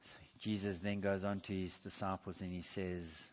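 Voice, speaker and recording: A man's voice: deep voice, little pitch movement, moderate pace. A man preaching a sermon, earnest, asking his listeners rhetorical questions and reading scripture aloud. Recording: dull sound with long hall reverb.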